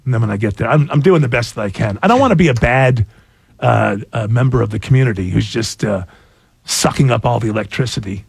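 A man in his fifties hosting a radio show, rambling in casual banter with lots of halting restarts. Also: mid-range voice, creaky, slightly rough, dry recording.

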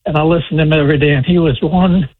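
A husky-voiced man in his seventies phoning in to a radio show, pitched a bit high, halting and rambling. The line sounds muffled and dry. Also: steady tone, no echo. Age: 70s. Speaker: caller.

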